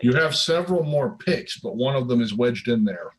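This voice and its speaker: Casting: relaxed male game master, mid-pitched, unhurried narration of a tabletop session. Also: poor audio.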